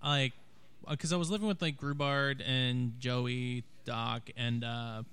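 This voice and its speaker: A man's voice: mid-range voice, steady tone, unhurried, fairly bright tone, clear, resonant tone. A man as a podcast guest, chatty but hesitant and apologetic. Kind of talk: casual podcast chat.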